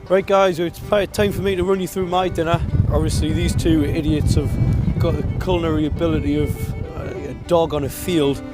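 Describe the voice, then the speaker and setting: A man's voice: a little high, fairly even intonation, moderate pace, hardly any pauses, over loud music. A man teasing his friends cockily while showing his food on a camping vlog. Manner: cocky teasing. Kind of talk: casual vlog chat. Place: outdoors at a campsite.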